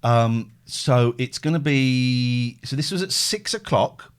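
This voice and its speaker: Lively man hosting a stream. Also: mid-range voice, takes it slowly, hardly any pauses, clean tone. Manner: animated storyteller, acts out phone calls, thanks subscribers. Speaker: host. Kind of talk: casual chat, livestream storytelling.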